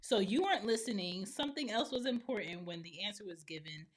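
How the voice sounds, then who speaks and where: Brisk and expressive, with a mid-range voice, this podcast host and mother of about forty holds forth alone, bluntly opinionated. She voices other people's lines as she goes through her monologue.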